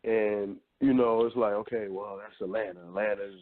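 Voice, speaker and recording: A man co-hosting a talk radio show, speaking in a measured, reflective way. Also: lowish voice, steady tone. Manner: measured, reflective, many fillers. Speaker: radio co-host. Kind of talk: casual talk radio chat. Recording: tinny phone-line audio.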